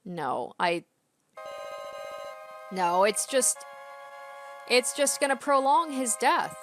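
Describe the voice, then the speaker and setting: A woman's voice: on the high side, very animated, slow pace, over music. A young woman casually commenting on a story game as she plays, reacting and swearing freely. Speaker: let's play host.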